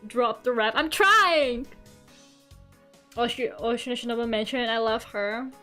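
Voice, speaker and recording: High-voiced rambling woman streamer. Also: flat delivery, brisk, a bit bright, faint music behind. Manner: rambling, heavy use of "like", giggly. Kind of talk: casual chat while drawing.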